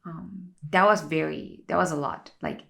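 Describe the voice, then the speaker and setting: Gravelly low-voiced woman chatting. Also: a little slow. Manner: chatty, animated recap full of "like" fillers. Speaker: vlogger. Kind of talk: casual get-ready-with-me chat.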